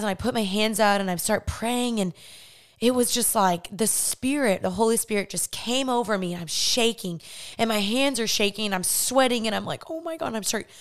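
Young woman sharing her testimony, smooth voice. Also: mid-range voice. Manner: animated, acts out remembered voices. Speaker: podcast host. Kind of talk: personal testimony monologue.

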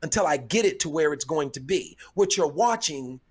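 Middle-aged comedian guy, slightly high voice, calm storyteller, lots of restarts. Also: slightly rough. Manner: measured, with frequent restarts as he gathers his thoughts. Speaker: guest comedian. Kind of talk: conversational storytelling.

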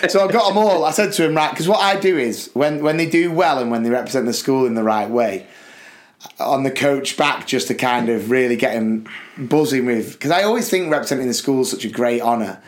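A man, a podcast co-host and school sports coach, telling a story in an animated chat and acting out excited shouts. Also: mid-range voice, a little fast.

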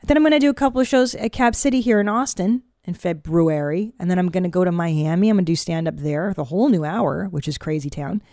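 A woman's voice: on the low side, fast, few pauses, dark tone, dry recording. A woman stand-up comedian hosting a podcast in a studio booth, chatting casually in a frank, profane, rambling way.

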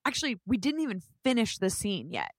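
A young woman in her twenties, co-hosting a casual chat and telling a story with lively acted-out quotes. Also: medium pitch, a little fast, no room sound. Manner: animated storytelling, acting out quotes.

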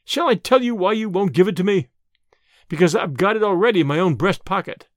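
A man's voice: high-pitched, expressive, brisk, dry recording, studio quality, voice pushed up. A man voicing a bold male master thief in an audiobook of a classic story, who poses as a priest, then mocks and gloats. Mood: mocking. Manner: mocking and triumphant.

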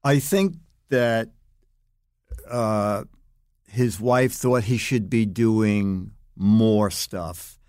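An older man, a guest on an interview podcast, telling animated anecdotes and acting out other people's lines. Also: lowish voice, drawn-out words, dry recording, clean studio sound. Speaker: guest, longtime magazine writer.

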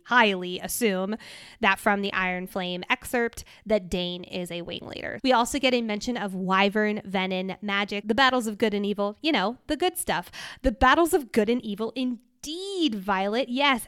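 A young woman co-hosting a casual book podcast, talking quickly and chattily with lots of fillers. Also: mid-range voice, fairly bright tone, clear, resonant tone, dry recording, clean studio sound. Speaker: podcast co-host.

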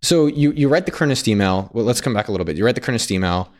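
A man's voice: medium pitch, lively intonation, rapid-fire. A man hosting a casual podcast, asking curious follow-up questions. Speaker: podcast host. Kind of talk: casual interview chat.

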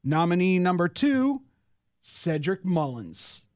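A man co-hosts a sports talk show, reading game recaps and then teasing his co-hosts. His voice is on the high side for a man. He speaks from a studio. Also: very animated, takes it slowly, darkish tone, slight background noise. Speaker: producer and co-host. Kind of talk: casual sports segment hosting.

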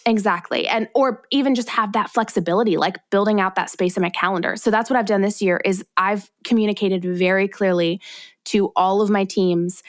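A woman's voice: mid-range voice, steady tone, brisk. A woman co-hosting a podcast, speaking in an earnest, encouraging way and filling her talk with "like." Her voice sits in a middle register. The sound is dry and close, with no room echo. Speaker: podcast co-host. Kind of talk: casual podcast chat.

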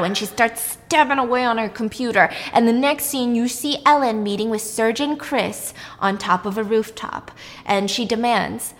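Animated young woman retelling a story. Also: fairly high pitch, normal speed. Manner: animated, chatty, dramatic retelling. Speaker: storyteller recapping a show. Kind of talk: casual chat. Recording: long reverb.

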